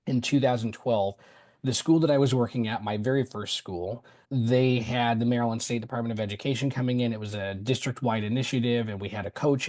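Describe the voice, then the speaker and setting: Animated male teacher explaining. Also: mid-range voice. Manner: animated, explanatory, walks the listener through steps. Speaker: middle school reading teacher, podcast guest. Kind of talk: conversational explanation on an education podcast.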